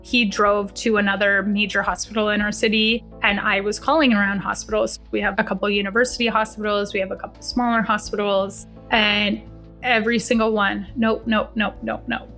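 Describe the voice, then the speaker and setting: Young woman, mid-pitched voice, casual first-person storytelling, faint music underneath. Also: level tone, a little fast, bright, forceful tone. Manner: conversational, acts out the dialogue in quotes. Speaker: guest storyteller. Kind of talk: first-person true story told to a podcast.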